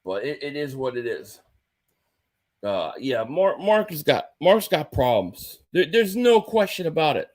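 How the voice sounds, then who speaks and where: A man's voice: on the high side, big pitch swings, unhurried, a little mellow. A man hosting a casual livestream, chatting away and greeting viewers by name. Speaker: livestream host. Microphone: home streaming mic.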